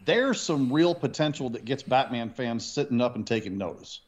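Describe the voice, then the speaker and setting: A man's voice: medium pitch, expressive, moderate pace. A man on a podcast panel giving his opinions in casual chat, thinking aloud with false starts.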